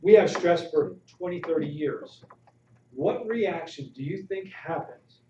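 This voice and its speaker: A man giving a live health talk to an audience, asking them questions with animated emphasis. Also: fairly high pitch, unhurried. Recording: roomy, distant, dull audio with faint noise.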